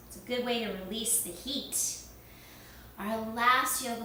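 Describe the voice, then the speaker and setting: A woman guiding children through a yoga lesson, gentle and encouraging with a sing-song lilt. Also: a little high, unhurried, a little hiss or hum. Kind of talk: guided kids' yoga lesson. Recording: echoey room, recorded from a distance.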